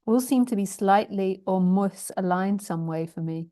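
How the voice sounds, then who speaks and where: On a live stream, a woman who works as a spiritual teacher reads out questions from viewers. Her voice is medium in pitch, unhurried and dark in tone. She keeps things chatty and pokes fun at herself, laughing often and stumbling over long sentences.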